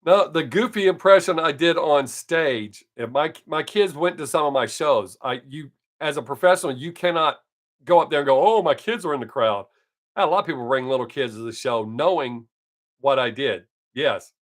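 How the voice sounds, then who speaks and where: A comic in his fifties chats casually on his live stream at a moderate pace, his voice a little high with a slight scratch. He rambles and jokes crudely throughout.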